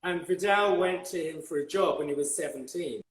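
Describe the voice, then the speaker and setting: An older English man with a refined, old-fashioned upper-class accent tells stories in a relaxed interview. He talks in a rambling, halting way, full of repeats and fillers. His voice sits a little high for a man and rings in an echoey room. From England. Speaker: guest hairdresser. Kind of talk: conversational interview.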